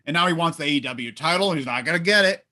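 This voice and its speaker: Male co-host, bright and high-pitched, animated casual chat about wrestling. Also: fast talker. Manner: animated, reads live chat comments aloud. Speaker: podcast co-host.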